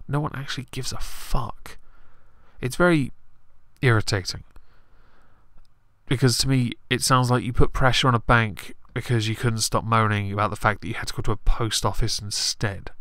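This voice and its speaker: A man's voice: mid-range voice, fairly even intonation, normal speed, fairly bright tone, no room sound. A man giving blunt, sarcastic live-stream commentary on politics, swearing often.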